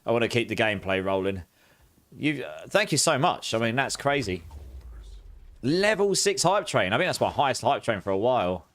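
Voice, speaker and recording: A man's voice: medium pitch, very animated, normal speed, fairly bright tone. A young man chatting casually on a game live stream, thanking viewers and exclaiming often.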